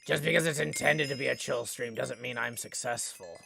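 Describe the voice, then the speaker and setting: Tired gravelly-voiced man bantering with chat. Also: medium pitch, normal speed, sharp tone, faint music behind. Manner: reads chat aloud and banters with viewers. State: tired, low on energy. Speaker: live streamer. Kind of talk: casual game stream chat.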